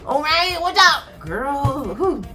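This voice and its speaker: A woman recapping a TV episode in animated, dramatic casual chat, talking straight to her viewers. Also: high voice, slow. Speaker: faith TV recap vlogger. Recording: music playing behind.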